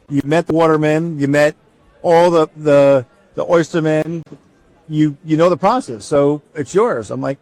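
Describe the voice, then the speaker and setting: Animated man telling a story, dry close sound. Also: a little high, dry recording. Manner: animated, acts out both sides of a dialogue, restarts often. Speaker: company founder telling his story. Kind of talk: casual storytelling.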